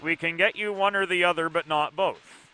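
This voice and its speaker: Bright-voiced male hockey play-by-play caller. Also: fairly high pitch, fairly even intonation, clear, resonant tone. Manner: brisk, precise play-calling, dry asides. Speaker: play-by-play commentator. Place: ice arena broadcast position.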